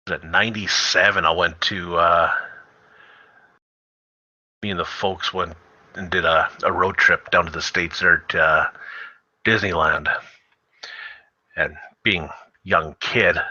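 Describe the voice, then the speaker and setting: A man's voice: low voice, bright, forceful tone, dry recording, muffled recording. A man from Canada chatting casually, rambling through stories with many fillers. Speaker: host. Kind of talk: casual chat.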